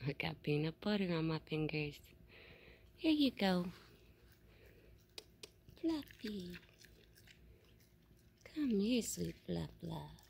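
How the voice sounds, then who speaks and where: Slow, gravelly woman cooing softly. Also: on the low side, big pitch swings, slight background noise. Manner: soft baby talk, calling and coaxing. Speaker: vlogger feeding a wild raccoon. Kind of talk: casual cooing to an animal. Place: at an open door at night.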